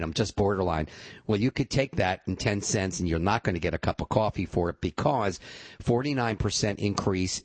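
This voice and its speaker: Man, radio talk host, very deep voice, rambling casual explanations, dry studio mic. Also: dry recording. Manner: chatty, explains at length with asides.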